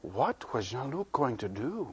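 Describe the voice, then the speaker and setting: A man telling a children's story in an animated, folksy way, with asides to the listeners. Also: medium pitch, measured pace, slightly rough.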